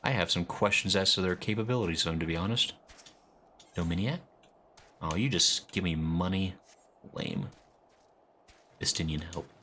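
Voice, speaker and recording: A man's voice: sits low, normal speed, long pauses, bright, forceful tone, a little hiss or hum. A man streaming a game, joking around and chatting with his viewers. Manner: playful, chats with viewers. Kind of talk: casual live-stream commentary.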